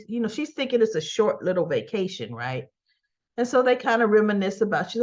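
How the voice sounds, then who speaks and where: A woman casually recapping a soap opera episode, acting out the characters' lines in quick quoted bits and laughing often. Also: mid-range voice, sing-song, darkish tone, dull audio.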